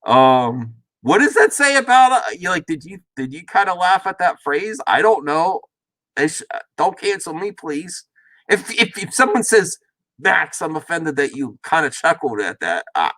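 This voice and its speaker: A man's voice: on the high side, big pitch swings, normal speed, a bit bright, dry recording. A man hosting a reaction video, talking in a casual, rambling way with frequent restarts and asides. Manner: rambling, self-interrupting, chuckling asides. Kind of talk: casual commentary. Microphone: worn face mask while talking.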